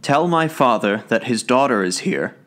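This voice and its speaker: Guy doing a young lady begging her folks to know her, teary and pleading, voice pushed up high. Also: animated, moderate pace, fairly bright tone, close to an everyday voice. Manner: pleading, tearful.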